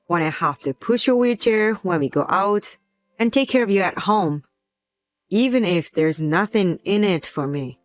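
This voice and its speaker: Cold mean husband, curt and contemptuous, woman reading him, mid pitch, dry sound. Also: expressive, measured pace, no room sound, natural voice. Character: cold, resentful husband, adult man.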